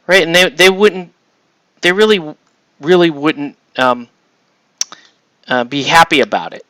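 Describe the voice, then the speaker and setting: Bright-voiced man telling a rambling story. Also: fairly high pitch, unhurried, long pauses, no room sound. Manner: rambling, many restarts and "right?" tags. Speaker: painting streamer telling a story. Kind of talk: casual storytelling chat. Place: home hobby room.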